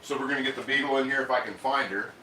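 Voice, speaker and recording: Chatty male stream host, mouth half full, bright sharp voice, roomy sound with faint hum. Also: mid-range voice, racing. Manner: chatty, rambling, eats while talking. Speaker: livestream cooking host. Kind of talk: casual livestream chat.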